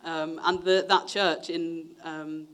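Slow and a bit bright, with little pitch movement, this young man preaches his testimony like a chatty story. When quoting others, he performs their voices with large leaps in pitch.

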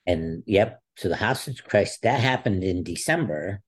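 A man in his sixties, an interview guest telling a long story in a casual way, acting out what others said. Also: normal speed. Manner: animated storyteller, acts out quotes with a raised pitch. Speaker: interview guest, former wrestler.

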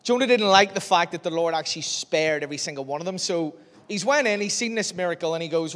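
A man preaching a sermon, telling a Bible story in a lively way and acting out its scenes. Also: high-pitched, fast. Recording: long reverb of a large hall.

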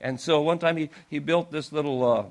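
Preacher guy telling a story, lively, bit higher voice. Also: a little fast. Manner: animated storyteller, acts out quoted voices. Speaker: pastor. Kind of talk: sermon storytelling.

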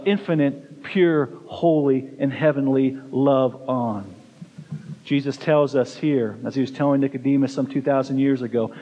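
A man's voice: medium pitch, a little mellow. A man preaching a sermon as pastor, stressing single words and asking the congregation rhetorical questions. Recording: dull lo-fi sound with long hall reverb.

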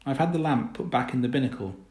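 A man playing a gruff, blunt fisherman who talks in rough sailor slang, recorded with a roomy echo. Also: medium pitch, fast, a little mellow, natural voice. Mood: even.

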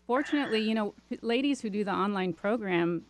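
A woman's voice: medium pitch, animated, quick pace, no room sound. Chatty woman with a dry, close sound. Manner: chatty, with many fillers and restarts. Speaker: interview guest. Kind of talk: casual storytelling.

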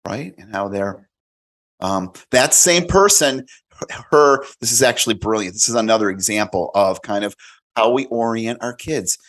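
A man as a podcast guest telling animated stories in casual chat, acting out quoted voices. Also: lowish voice, normal speed.

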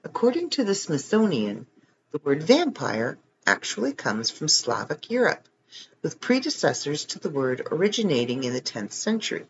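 Male reader, casual, wry asides, animated pitch, slightly muffled home recording. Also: normal speed, slight background noise. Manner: joking, reads text then adds wry comments. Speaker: reader of online articles. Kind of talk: casual reading aloud with asides.

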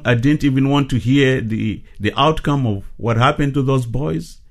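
A middle-aged man from South Africa, a ministry leader giving earnest, measured testimony in a radio interview. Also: medium pitch.

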